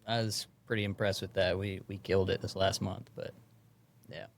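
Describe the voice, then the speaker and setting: A man's voice: low voice, little pitch movement, moderate pace, creaky. A man who is a guest on a podcast, chatting casually about work and saying "dude" and "like" a lot. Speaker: podcast guest, former boss. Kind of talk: casual chat.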